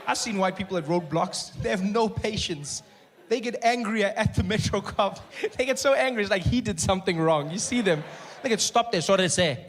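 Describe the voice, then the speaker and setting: A man with a South African accent doing animated, laughing stand-up storytelling. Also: high-pitched, moderate pace, big-room sound, some chatter behind. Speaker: comedian. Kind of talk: stand-up comedy. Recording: noisy live stage recording.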